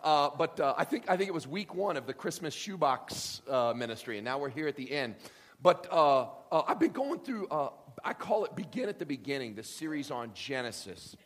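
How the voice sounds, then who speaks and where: A man preaching a sermon to a congregation, joking and acting out voices with lively energy. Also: a little high, moderate pace, long reverb tail. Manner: animated, joking, acts out voices. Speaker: pastor.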